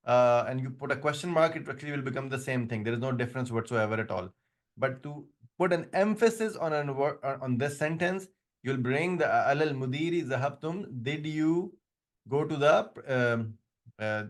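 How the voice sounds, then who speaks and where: A man who speaks English as a second language, teaching an Arabic grammar class and explaining patiently with frequent restarts. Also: mid-range voice. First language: not English; another language first. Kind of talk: online class lecture.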